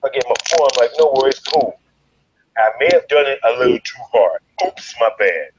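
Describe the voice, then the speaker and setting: A man from Chicago telling a wild story in an interview, profane and animated, leaping into loud quoted voices. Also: mid-range voice, quick pace, husky, dull audio. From Chicago, USA. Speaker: guest, fighter.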